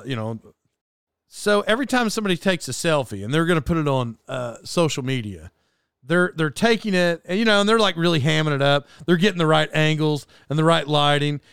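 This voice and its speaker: A man's voice: on the high side, gravelly, fairly bright tone, smooth, no echo, studio quality. A man telling a rambling story in a casual monologue, doubting himself, restarting sentences and laughing often.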